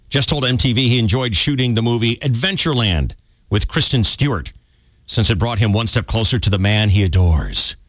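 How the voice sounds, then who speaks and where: A man's voice: medium pitch, a bit bright, no room sound. Man, radio host, gossip reading, mocking, very dry mic. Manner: mocking, puts on voices for quotes. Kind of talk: casual radio banter, reading gossip stories. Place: radio studio.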